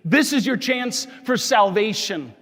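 In a large church, a parish priest preaches an impassioned sermon packed with rhetorical questions and declared righteous anger. His high-pitched voice is animated, unhurried, and fairly bright, with a long church reverb around it.

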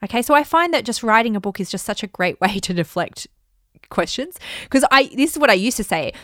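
A woman hosting a casual talk on money mindset, chatty and animated, acting out bits of dialogue. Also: on the high side, brisk, no room sound, clean studio sound. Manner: chatty and animated, acts out dialogue in bright voices. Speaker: host and money mindset coach. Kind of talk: casual teaching monologue.

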